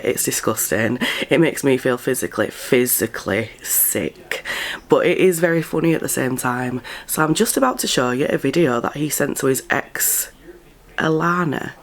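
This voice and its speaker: A woman giving blunt, incredulous gossip commentary and swearing freely. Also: very deep voice. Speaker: commentary vlogger.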